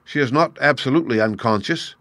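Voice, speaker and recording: A man's voice: mid-range voice, brisk, a bit bright, no room sound, voice pushed up, natural voice. A man reading a cool, cautious surgeon. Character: calm, cautious male surgeon.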